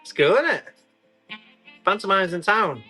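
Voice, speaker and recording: A man talks casually through a live-stream tool sale, joking with the chat as he goes. His voice is bright and a touch high. Soft music plays faintly underneath. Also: big pitch swings, unhurried. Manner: chatty and rambling, joking with the chat. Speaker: live online tool auction seller.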